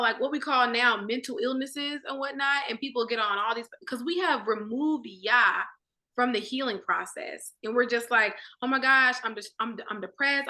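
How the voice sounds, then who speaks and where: A woman in a casual Bible study discussion, talking with animated conviction and often acting out inner dialogue. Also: fairly high pitch.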